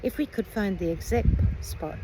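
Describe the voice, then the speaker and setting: A woman's voice: medium pitch, normal speed, background noise, natural voice. A woman voicing a small winged girl, anxious but determined, who speaks urgently and with care. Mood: focused. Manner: urgent, caring.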